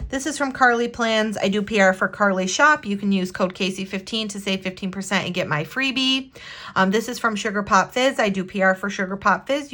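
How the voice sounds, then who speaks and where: An American woman, a planner vlogger, chats casually as she decorates her planner. Her speech is halting and hesitant, full of sighs and restarts, yet sincere and heartfelt. Her voice is medium in pitch with a fairly bright tone.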